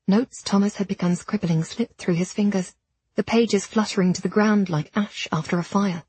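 Audiobook narrator, woman, breathy mid-range voice, dry close studio sound. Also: mid-range voice, moderate pace, no echo. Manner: steady storytelling with period diction. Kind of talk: scripted first-person narration.

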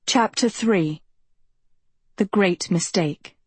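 A woman narrating an audiobook in a measured, dramatic scripted reading. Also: mid-range voice, husky, no room sound.

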